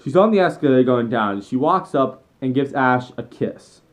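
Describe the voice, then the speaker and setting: Excitable young man ranting as a fan. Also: medium pitch, moderate pace. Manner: animated, excitable, rambling with self-corrections. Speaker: vlogger.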